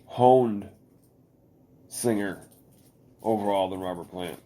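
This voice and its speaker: A middle-aged man chatting casually as a podcast co-host, swearing a lot and talking in animated bursts. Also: takes it slowly. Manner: profane, animated, bursts into high falsetto singing. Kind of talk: casual chat.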